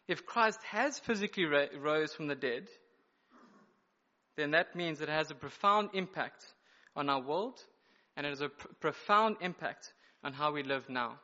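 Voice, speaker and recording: Man, preacher, sermon, bright forceful tone, emphatic teaching, dull lo-fi sound. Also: on the high side. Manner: explanatory, emphatic teaching with pauses and self-corrections. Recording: dull lo-fi recording.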